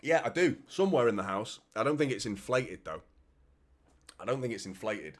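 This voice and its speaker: With an animated, medium-pitched voice at normal speed, a fan channel host from Manchester runs a live football watchalong. His talk is casual and sweary, he reads out comments from viewers, and "mate" and "do you know what I mean" come up constantly.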